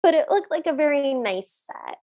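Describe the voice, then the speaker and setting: High voiced woman podcaster, teasing and wry, chatty. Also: sing-song, mellow. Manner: wry, teasing, quick to push back. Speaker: podcast co-host. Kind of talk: casual chat.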